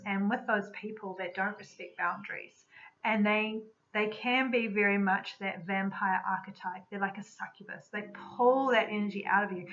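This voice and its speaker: Woman practitioner, mid-range voice, calm reflective teaching talk, slightly muffled lo-fi sound. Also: mid-range voice. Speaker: energy medicine practitioner. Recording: slightly dull lo-fi recording.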